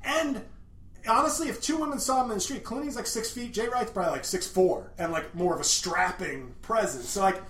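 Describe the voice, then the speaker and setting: A man tells rambling, filler-heavy stories in a casual chat. His voice is bright and forceful. It sits a touch high, with a faint hiss in an echoey room. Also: brisk.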